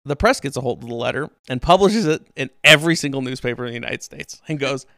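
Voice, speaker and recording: A man's voice: mid-range voice, expressive, quick pace, gravelly, sharp tone, no room sound, clean studio sound. A man hosting a podcast, telling history casually and animatedly, with swearing and silly quoted voices. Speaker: podcast host.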